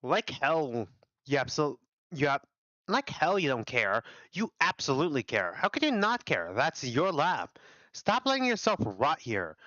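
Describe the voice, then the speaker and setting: A contemptuous, berating colleague, voiced by a man, snapping out insult after insult. His voice is bright and forceful, lo-fi and dry up close to the mic. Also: fairly high pitch, big pitch swings, a little slow, no echo, exaggerated voice. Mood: scolding. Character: harsh, scolding male colleague.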